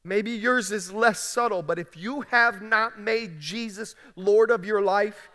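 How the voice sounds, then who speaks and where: Man, pastor, high bright voice, emphatic conversational sermon, long hall reverb. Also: measured pace. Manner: emphatic, conversational preaching with frequent "right?". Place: large church sanctuary.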